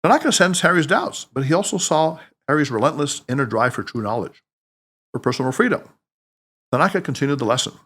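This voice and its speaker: A man, the podcast host, reading his own book aloud with expressive, audiobook-style narration. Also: a little high, fairly quick, slightly rough.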